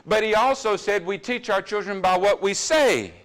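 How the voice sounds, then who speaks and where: A man preaching a sermon in a church, earnestly putting question after question to the congregation and dropping to quiet asides now and then. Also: high-pitched, normal speed. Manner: drops to quiet asides about running over time.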